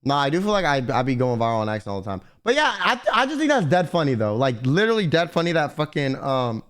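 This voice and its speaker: A young man streaming, chatting casually and swearing, slangy and animated as he rants to his chat. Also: on the high side, fast, smooth.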